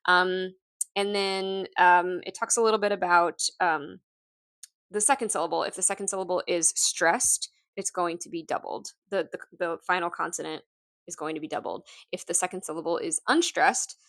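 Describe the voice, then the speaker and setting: A woman's voice: on the low side, fairly even intonation, moderate pace, fairly bright tone, no room sound. A woman teacher explaining her lesson packets in a casual, hesitant way with frequent ums. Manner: hesitant, many ums and restarts, light laughs. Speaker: teacher presenting her materials. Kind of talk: casual instructional walkthrough.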